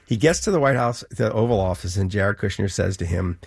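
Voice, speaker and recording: Middle-aged guy being interviewed, gravelly husky low voice, animated storyteller. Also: a little fast, no echo, clean studio sound. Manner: animated storyteller, acts out quoted exchanges. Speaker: author and guest. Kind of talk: conversational interview.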